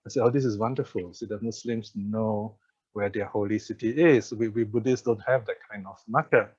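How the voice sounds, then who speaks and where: A man's voice: lowish voice, fairly even intonation, normal speed. An older man from Malaysia giving a Buddhist teaching over a video call, telling stories with frequent laughs and check-ins like "okay" and "you see.". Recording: dull video call audio.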